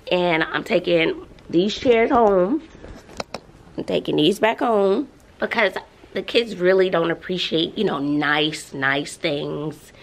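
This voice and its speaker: A woman's voice: lowish voice, a bit bright. A woman teacher talking casually to the camera in a classroom, ranting expressively with frequent sighs and laughs. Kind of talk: casual vlog talk to camera.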